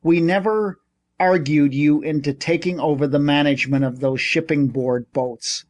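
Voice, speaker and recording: A man's voice: on the high side, fairly even intonation, normal speed, natural voice. A man voicing a jeering, sarcastic middle-aged sea captain in an audiobook.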